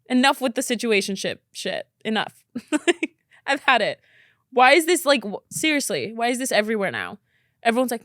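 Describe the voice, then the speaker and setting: A young woman hosting a podcast, reading out listener stories in casual chat and reacting with incredulous, animated asides. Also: mid-range voice, dry recording, clean studio sound. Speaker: podcast host.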